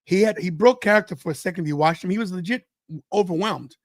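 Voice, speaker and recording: A young man with a notably high voice talks casually as a podcast co-host. He playfully adds context and offers his own take, and the sound is close and dry. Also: fast, no room sound. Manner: playful, gives context and opinions. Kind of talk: casual chat.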